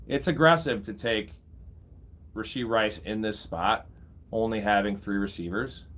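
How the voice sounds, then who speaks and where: A man's voice: on the low side, unhurried, fairly bright tone. A young man casually commentating a live fantasy football draft, bantering with his chat and swearing freely. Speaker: fantasy football streamer host.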